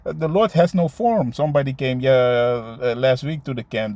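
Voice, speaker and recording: A man teaching scripture in a loose, conversational way, stumbling through fillers as he hunts for verses. He keeps tagging his points with "man" and "you see". His voice sits at a middling pitch, recorded dry and close with no room echo. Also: a little mellow. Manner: halting, with many fillers and restarts while finding verses. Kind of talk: casual scripture teaching, reading verses aloud.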